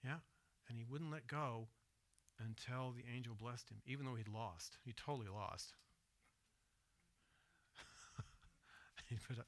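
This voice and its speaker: A man preaching a sermon in church, swinging between hushed, soft retelling and loud, emphatic asides, and asking his listeners direct questions. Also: mid-range voice, measured pace, pauses often. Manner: asks the congregation direct questions. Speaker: pastor. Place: church sanctuary.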